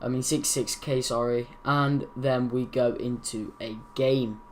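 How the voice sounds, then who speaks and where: A man's voice: medium pitch, fairly even intonation, unhurried, a little hiss or hum. A young man hosting his gaming channel, casually commenting over football game footage, rambling and correcting his own slips.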